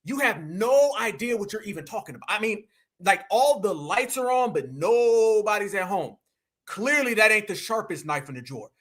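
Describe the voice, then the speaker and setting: An American man hosting a live reaction stream, talking in a very high voice that swings widely. His tone is bright and sharp, and his delivery is incredulous, mocking and full of slang. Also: expressive, moderate pace. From United States.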